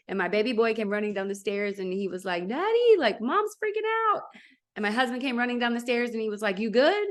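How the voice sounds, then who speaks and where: A woman in her thirties giving an upbeat motivational sales pitch for a network marketing business, talking straight to her audience. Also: fairly bright tone. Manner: upbeat, addresses the audience directly.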